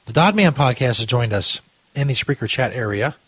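A man's voice: mid-range voice, animated, brisk, a bit bright, husky, dry recording. A man hosting a podcast in a casual, rambling, crude style, often laughing at his own jokes. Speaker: podcast host. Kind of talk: casual commentary chat.

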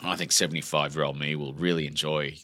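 A deep-voiced Australian man in his forties speaks with a bright, forceful edge. He tells stories with animated, emotional openness and sprinkles in laid-back slang. The talk is a relaxed interview chat. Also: quick pace, no echo, clean studio sound. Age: 40s. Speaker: author guest. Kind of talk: casual interview conversation.

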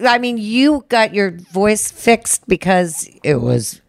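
A woman's voice: medium pitch, big pitch swings, slow pace, vocal fry, dry recording, clean studio sound. An older woman, the host's mother, giving brief self-deprecating replies in a casual chat.

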